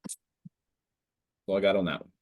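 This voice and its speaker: A man's voice: moderate pace, dull audio. A middle-aged man speaking as a state senator to students, talking casually and rambling with frequent fillers. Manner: rambling, conversational, frequent "you know".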